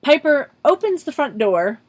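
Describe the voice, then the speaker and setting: A woman's voice: high-pitched, sing-song, moderate pace. A woman co-hosting a podcast, recapping an episode step by step in casual chat with dry asides. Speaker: podcast co-host.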